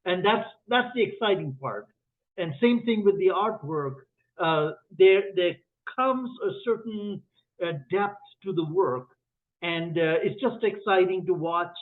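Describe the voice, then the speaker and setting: A man speaking earnestly as a guest, halting with frequent fillers. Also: high-pitched. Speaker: guest author, painter. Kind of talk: reflective guest talk. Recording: tinny phone line.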